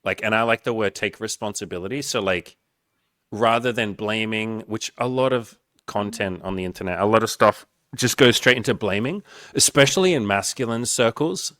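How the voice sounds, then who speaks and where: Earnest low-voiced man coaching. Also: moderate pace, a bit bright, dry recording, studio quality. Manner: earnest, explanatory, acts out quoted self-talk. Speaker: dating coach and podcast host. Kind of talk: casual podcast conversation.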